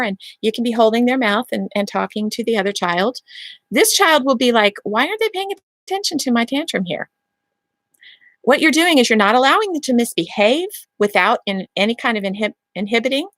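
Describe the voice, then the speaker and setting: Chatty, higher-voiced woman giving parenting advice. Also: no room sound. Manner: explains step by step, checks in with repeated "okay?"; acts out calm lines to a child in a gentle voice. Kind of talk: instructional talk to camera.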